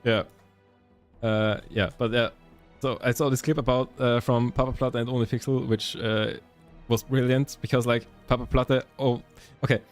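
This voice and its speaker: A man's voice: mid-range voice, flat delivery, normal speed, soft background music. A young man from Germany with a German accent, chatting casually with stream viewers and rambling with many self-corrections. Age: young adult.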